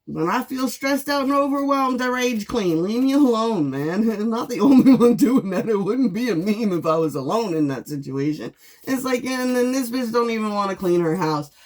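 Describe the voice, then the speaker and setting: Speaking in a mid-range voice, a woman tarot reader tells a story in a casual monologue. She's sassy and animated and swears freely.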